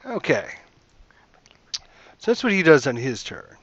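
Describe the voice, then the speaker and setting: Hesitant, slow-talking male game master. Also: on the high side, very animated, fairly bright tone, breathy edge, no echo, lo-fi sound. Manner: hesitant, meandering with many fillers. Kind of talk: narrating a tabletop game over voice chat.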